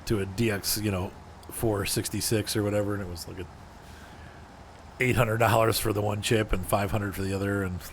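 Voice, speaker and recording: A man's voice: fairly low pitch, steady tone, brisk, slight background noise. A man streaming a driving game, chatting casually and answering viewers in chat by name as he plays. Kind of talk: casual gameplay commentary.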